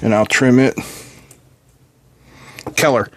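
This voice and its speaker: A man's voice: medium pitch, expressive, normal speed, a little hiss or hum. Chatty man soldering at his workbench. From Appalachian region of the US. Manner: chatty, self-deprecating, talks while working. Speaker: electronics tutorial host. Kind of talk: casual workbench tutorial. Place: home electronics workbench.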